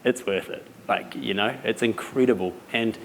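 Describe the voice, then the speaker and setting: Young man, New Zealand accent, animated storyteller, live talk, long hall reverb, faint background noise. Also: fairly low pitch, normal speed, vocal fry. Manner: animated, laughing as he tells stories. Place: event venue.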